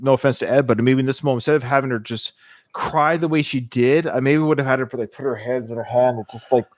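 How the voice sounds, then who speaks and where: A man co-hosting a podcast, talking about a film in a casual, animated and opinionated way. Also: medium pitch, fast, dry recording. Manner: animated, opinionated, restarts often. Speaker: podcast co-host.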